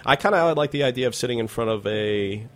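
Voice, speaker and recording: A man's voice: mid-range voice, expressive, fast talker, fairly bright tone. A man in his thirties from Queens, a news reporter guesting on a studio show, rambling and laughing at himself. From Queens, New York. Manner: self-deprecating, rambling, laughs often. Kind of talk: casual studio interview.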